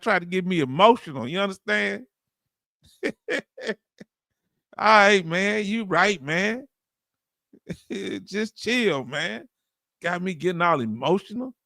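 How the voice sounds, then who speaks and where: High, gravelly Southern man on a livestream. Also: sharp tone, dry recording, clean studio sound. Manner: loose, folksy, calls out to viewers. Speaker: livestream host. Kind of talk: casual livestream chat reading comments.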